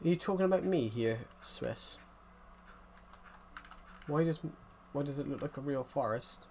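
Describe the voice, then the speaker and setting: A man's voice: medium pitch, animated, measured pace, vocal fry, a little hiss or hum. Male streamer, casual and repetitive, talks straight to chat; keyboard typing faint in the room. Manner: rambling, repeats phrases, restarts often; talks directly to viewers as "guys". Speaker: gaming streamer.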